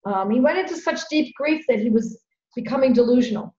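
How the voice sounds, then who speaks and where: Woman, middle-aged, podcast host, earnest storytelling, repeats phrases, higher voice, echoey room. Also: lively intonation, brisk, warm tone. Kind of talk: conversational storytelling. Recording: roomy, dull lo-fi sound.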